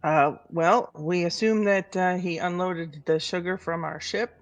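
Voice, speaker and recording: Guy playing a tabletop game, highish voice, dry deadpan delivery. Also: unhurried. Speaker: player. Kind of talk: casual tabletop play.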